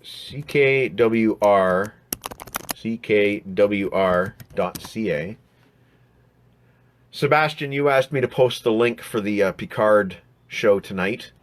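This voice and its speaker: A man's voice: fairly low pitch, slow pace, slight background noise. Rambling man reading chat comments. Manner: rambling, frequent restarts and fillers. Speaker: live stream host.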